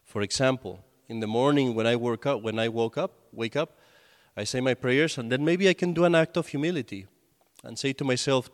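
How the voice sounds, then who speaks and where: A man's voice: medium pitch, brisk. A man, a priest, giving a conversational sermon and telling stories with acted quotes. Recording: long hall reverb.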